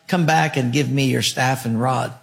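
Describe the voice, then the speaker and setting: A man voicing God as a calm, fatherly male figure who patiently repeats short commands. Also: mid-range voice, moderate pace, vocal fry, long reverb tail, lightly acted. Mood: insistent.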